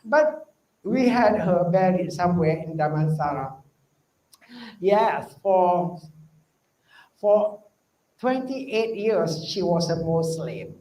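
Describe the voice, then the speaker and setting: An older woman from the United States giving a lively motivational lecture to trainee teachers, mixing English and Malay and acting out short dialogues. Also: on the low side, slow pace, long pauses, far from the mic, poor audio.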